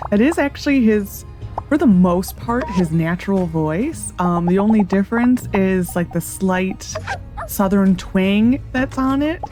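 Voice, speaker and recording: A woman hosting a video game playthrough, chatting casually in a rambling way full of hesitant fillers. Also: on the low side. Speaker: gaming channel host. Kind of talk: casual let's-play commentary.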